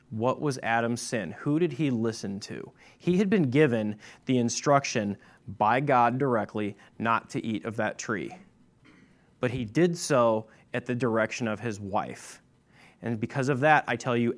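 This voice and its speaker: A man's voice: medium pitch, a bit bright. A man preaching a sermon as pastor, emphatic and repeating his key points.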